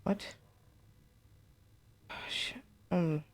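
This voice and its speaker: A woman streamer playing a story game, reading letters aloud in a steady voice and breaking into chatty, excitable remarks. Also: drawn-out words, whispered. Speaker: let's play streamer.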